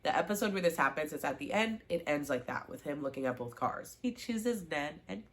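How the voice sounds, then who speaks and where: This show recap vlogger talks at a quick pace in a deep voice, recapping a TV season casually and with plenty of animation. She acts out lines from the characters and raves about favorite scenes.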